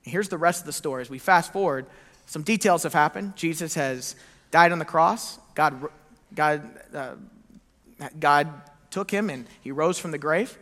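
Man, pastor, sermon, animated storyteller, high bright voice, echoey hall. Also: normal speed. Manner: animated storytelling, acting out quoted lines.

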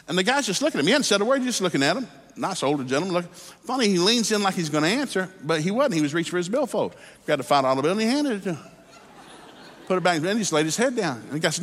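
A man's voice: high voice, sing-song, fast, fairly bright tone. A man preaching a sermon, telling a folksy story and then calling people to prayer, recorded in a church hall. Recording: hall reverb.

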